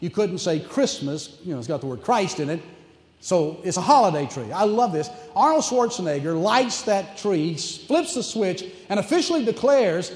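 A man with an East Tennessee accent preaching a sermon, animated and emphatic, asking the congregation questions. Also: sits high, normal speed. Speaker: pastor. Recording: echoey church hall reverb.

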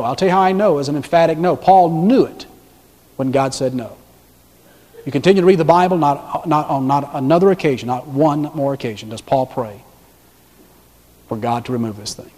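A male pastor delivers a sermon in a somewhat high-pitched voice. He leans loudly into emphatic points, then slows and drops his voice low. The sound carries a long reverb, as if in a large hall. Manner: dramatic swings between loud emphasis and hushed, slow delivery.

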